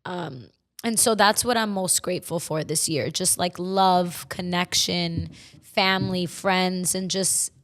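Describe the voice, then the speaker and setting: A woman's voice: fairly low pitch, unhurried, a bit bright. A woman co-hosting a podcast, talking in a heartfelt, casual way with many filler words. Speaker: podcast co-host. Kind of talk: casual chat.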